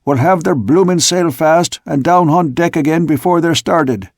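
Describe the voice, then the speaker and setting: Brief: man voicing a hot-headed deckhand, gravelly and raised, shouting curses, husky edge. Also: a little high, normal speed, no room sound, clean studio sound, pitched above the performer's own voice. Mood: eager. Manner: shouting, swearing. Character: rough quick-tempered male sailor.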